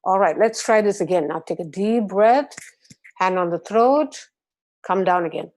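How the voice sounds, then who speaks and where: A woman from Malaysia guiding a group through a gentle voice and breathing exercise, patient and encouraging. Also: medium pitch, lively intonation, measured pace. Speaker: voice and meditation instructor. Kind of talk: guided voice exercise class.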